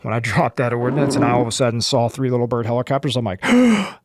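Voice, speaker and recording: Animated American man telling war stories. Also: medium pitch, noisy background. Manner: animated, acts out dialogue in quick bursts. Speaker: guest, former recon Marine. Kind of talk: casual storytelling interview.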